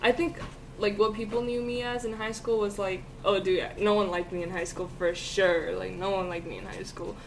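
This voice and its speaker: Young woman telling animated stories. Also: mid-range voice, moderate pace, far from the mic, a little hiss or hum. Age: young adult. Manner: animated storytelling, laughs often, swears freely. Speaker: podcast host. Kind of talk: casual chat.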